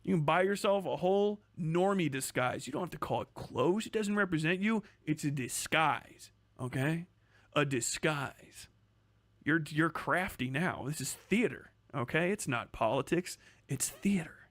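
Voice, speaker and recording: A man's voice: fairly high pitch, animated, moderate pace, few pauses, fairly bright tone, dry recording. A man streaming casual commentary, crude and sarcastic, rambling and swearing often.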